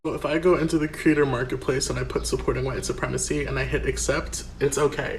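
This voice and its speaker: Fed-up man ranting, slightly high voice. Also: fairly bright tone, a little hiss or hum. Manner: emphatic, exasperated, rising to heated outbursts. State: tired, feeling unwell. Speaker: content creator. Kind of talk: ranting screen-recording commentary.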